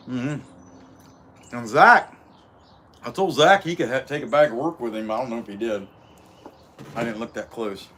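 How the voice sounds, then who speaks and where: A man's voice: medium pitch, a little slow, long pauses, a bit bright. A middle-aged man rambling in a folksy way on a live stream, talking while chewing as he works on a chainsaw in his workshop. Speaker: livestream host, chainsaw carver. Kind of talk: casual live-stream chat.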